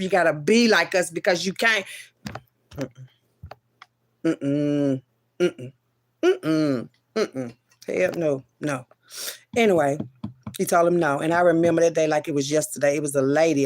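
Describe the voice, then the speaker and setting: Woman, personal storyteller, mid-pitched, profane and emphatic, loud bursts then low mutters. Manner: profane, emphatic, many repeated refusals; swings between loud outbursts and low murmurs. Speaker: mother telling a personal story.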